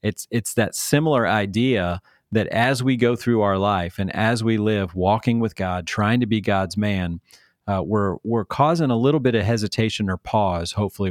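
A man with a somewhat low voice co-hosts a podcast, backing up his partner with steady affirmations. He talks in an encouraging way and sometimes trails off and starts his thought again. The sound is dry and close to the mic. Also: moderate pace, no room sound. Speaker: podcast co-host. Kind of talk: casual conversational podcast.

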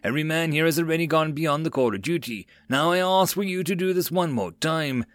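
A man's voice: fairly high pitch, brisk, a bit bright, no room sound, voice pushed up, lightly acted. A man voicing a boat skipper under fire who barks urgent commands. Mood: commanding.

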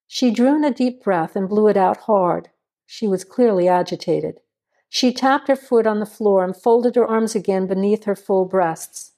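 Woman narrator for a crime story, measured read, dark mellow tone. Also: mid-range voice.

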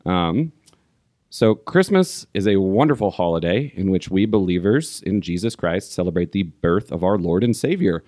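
A man with a fairly low voice that swings widely in pitch as he hosts a playful podcast. He teases his co-hosts like a mock-stern quizmaster. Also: expressive, moderate pace, mellow, dry recording, studio quality. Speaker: podcast host running a lyric quiz.

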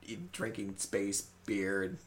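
A man's voice: fairly low pitch, lively intonation, slow. A man co-hosting a casual podcast, chatting with friends and laughing often as he talks. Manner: laughs often while talking. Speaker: podcast co-host.

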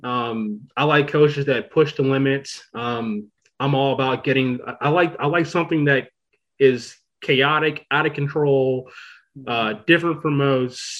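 A man hosting a podcast in casual chat, talking in an excitable, rambling way, full of "like" and "you know.". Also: mid-range voice, dull audio. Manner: rambling, excitable, many fillers. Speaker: podcast host.

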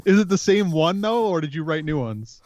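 A man's voice: on the high side, expressive, fairly quick, darkish tone, no room sound. A man co-hosting a casual podcast, teasing the others with jokes. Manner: teasing, jokey. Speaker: podcast co-host. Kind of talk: casual chat.

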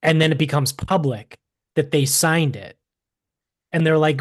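A man's voice: fairly high pitch, unhurried, long pauses, dry recording, studio quality. A man co-hosting a podcast in casual chat, telling a story in a rambling way with swearing and mocking asides. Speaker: podcast co-host.

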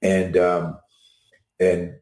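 A middle-aged man, a self-defense instructor guesting on a video call, telling animated stories and acting out the people he quotes. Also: sits low, drawn-out words. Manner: animated anecdotes, acts out quotes. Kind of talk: storytelling in an interview. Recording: echoey room.

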